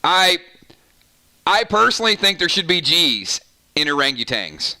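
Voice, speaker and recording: A man's voice: a little high, sing-song, a little slow, bright, forceful tone. A man with a Southern American accent, hosting a casual live-stream chat and playfully arguing opinions with viewers. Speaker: gaming channel host.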